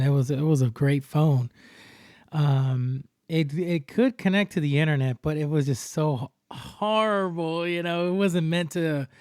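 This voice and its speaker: Podcast host, male, slightly raised pitch, dry sound, lively storyteller who acts out quotes. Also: no echo. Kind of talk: casual podcast chat.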